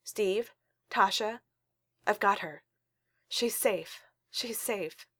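A woman's voice: medium pitch, extremely slow, a bit bright, no room sound. A woman voicing a loving, protective father in a storybook reading, speaking earnestly. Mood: urgent. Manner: earnest and emphatic.

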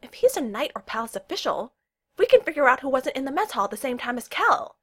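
A woman's voice: high-pitched, big pitch swings, fast talker, husky, voice pushed up, full character voice. A woman doing an eager, curious young man.

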